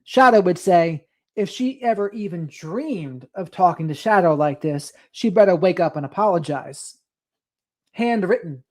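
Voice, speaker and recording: Lady with a lowish voice, blunt n scolding, casual commentary. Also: expressive, measured pace, a little mellow.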